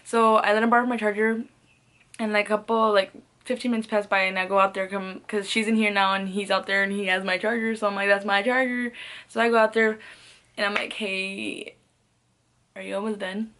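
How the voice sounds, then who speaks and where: A woman's voice: medium pitch, steady tone, a little fast, a bit bright. Rambling, profane young woman telling a story. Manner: laughs often between phrases. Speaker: vlogger. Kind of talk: casual storytime.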